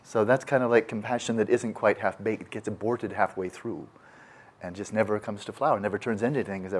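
A man's voice: lowish voice, steady tone, fast talker. A man teaching meditation in a reflective talk. He speaks thoughtfully and often restarts his sentences. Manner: acts out quoted voices.

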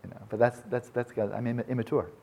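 A man speaking on Buddhism and science gives an informal, digressive lecture, often restarting sentences and talking with enthusiasm. His medium-pitched voice is gravelly and dark in tone, with fairly even intonation and a quick pace.

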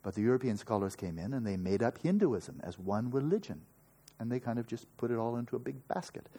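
A man's voice: mid-range voice, mellow, slightly rough. A man teaching at a meditation retreat, giving an emphatic, opinionated dharma lecture with sarcastic asides. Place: retreat session.

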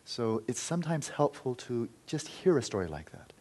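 A man giving a Buddhist dharma talk, telling a story in an earnest, loose way that often falls quiet. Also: mid-range voice, big pitch swings, moderate pace. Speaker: Buddhist teacher.

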